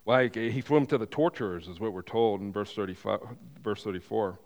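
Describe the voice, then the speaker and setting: A pastor preaching a sermon, retelling a parable in an animated way with frequent restarts. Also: male voice, fairly low pitch, fairly quick. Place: church sanctuary. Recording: reverberant hall.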